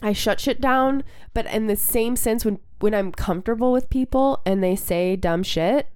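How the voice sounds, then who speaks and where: Young woman, podcast co-host, casual chat, candid, swears a lot, smooth clear voice, dry close sound. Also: a little high, moderate pace, darkish tone, no room sound. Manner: candid, swears freely, many fillers and restarts.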